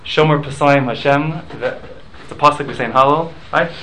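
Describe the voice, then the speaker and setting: A man's voice: fairly high pitch, moderate pace, pushed and bright, a little hiss or hum, low-quality recording. A man leading a casual study class, explaining points patiently, mixing in Hebrew and Aramaic study terms and checking in with listeners. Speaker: Talmud class teacher.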